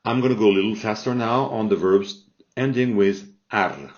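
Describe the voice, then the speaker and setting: A man's voice: fairly low pitch, moderate pace. A man teaching a language lesson, speaking patiently and often checking in with "all right?" after each example. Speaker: Spanish teacher. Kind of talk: slow spoken language lesson. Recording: dull lo-fi recording.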